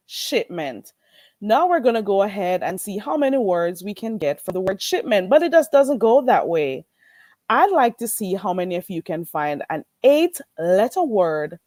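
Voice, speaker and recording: A woman hosting a casual livestream, greeting viewers in a playful, animated way and laughing often. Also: medium pitch, dry recording. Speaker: livestream host.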